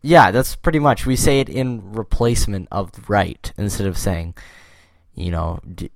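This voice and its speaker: A Canadian man co-hosting a casual chat, joking and animated. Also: fairly low pitch, normal speed, creaky, no echo. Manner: joking, animated, puts on silly accents. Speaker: co-host.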